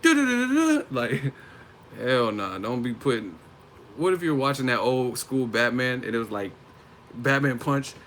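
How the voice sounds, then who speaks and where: A man's voice: mid-range voice, normal speed, a bit bright, a little hiss or hum. A man on a casual live stream, talking about boxing, often laughing and swearing as he mocks the fighters. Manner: laughs often, profane, mocking impressions.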